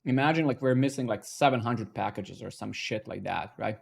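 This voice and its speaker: A man's voice: lowish voice, a little fast, gravelly, breathy edge. A man casually talking to himself and his viewers while coding live, swearing and bursting out when things work. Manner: talks to himself, swears, excitable outbursts.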